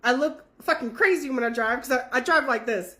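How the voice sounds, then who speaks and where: A woman in her twenties from California, telling a story in an animated, profane way. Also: sits high, brisk. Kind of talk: casual storytime.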